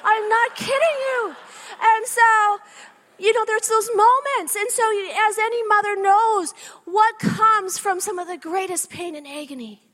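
A woman with a very high, bright voice speaks to a live audience. She gives a faith-based motivational talk, telling animated personal stories and often stopping to ask "okay?". She sounds like she is in her thirties. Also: measured pace. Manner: animated storytelling with frequent "okay?" asides.

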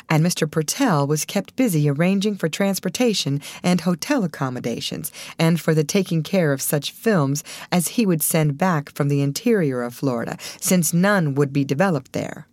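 A woman narrating an old adventure novel in an expressive, varied reading voice. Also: low voice, dry recording. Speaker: audiobook narrator. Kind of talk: storybook narration.

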